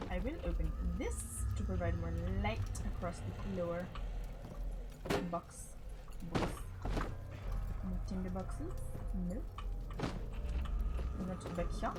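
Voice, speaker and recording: Slow-talking woman streaming a game. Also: on the low side, very noisy. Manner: excitable, swears, talks to herself while playing.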